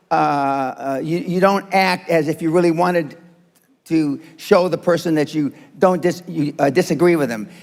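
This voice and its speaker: A man in his seventies giving a blunt, profane motivational speech to a live seminar audience. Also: on the high side. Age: 70s. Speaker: motivational speaker. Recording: long hall reverb.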